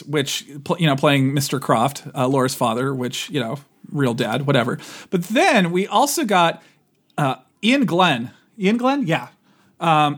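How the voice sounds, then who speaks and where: A man co-hosting a casual chat, animated and rambling, his voice jumping up when he gets excited. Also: on the high side. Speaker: podcast co-host.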